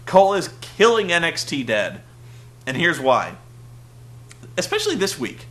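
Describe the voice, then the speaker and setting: A young man hosting a casual recap, rambling and animated, breaking into loud shouted impressions. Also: on the high side, measured pace. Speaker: web show host. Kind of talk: casual wrestling recap rant.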